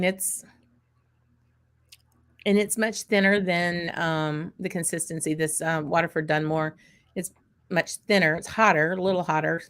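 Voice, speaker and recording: A woman hosts a casual livestream chat. Her voice sits a little low, and she rambles along with plenty of fillers. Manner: chatty, rambling with many fillers. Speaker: host.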